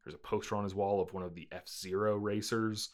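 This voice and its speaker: A man casually chatting as a podcast co-host, rambling with lots of fillers and breaking into playful squeaky character voices. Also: steady tone, fairly quick. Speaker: podcast co-host reviewing a movie. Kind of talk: casual chat.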